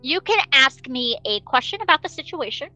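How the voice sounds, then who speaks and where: Lively, bright-voiced woman game master. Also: high voice, fairly quick, dry recording, faint music behind, low-quality recording. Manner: lively, laughs often, animated narration. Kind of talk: narrating a tabletop role-playing game.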